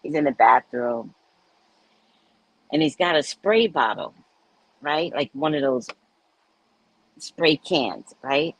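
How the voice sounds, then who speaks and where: A woman's voice: lively intonation, takes it slowly, gravelly, pauses often, poor audio. A woman host telling stories in a casual chat, blunt and profane, laughing often and acting out the dialogue. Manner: acts out dialogue with big pitch swings. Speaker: podcast host.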